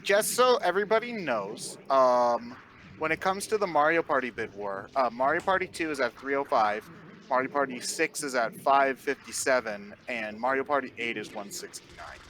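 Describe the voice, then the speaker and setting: A man's voice: medium pitch, animated, normal speed, a bit bright, a little hiss or hum. A young man co-commentating a charity game stream, reading donations and laughing often. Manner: laughs often while talking.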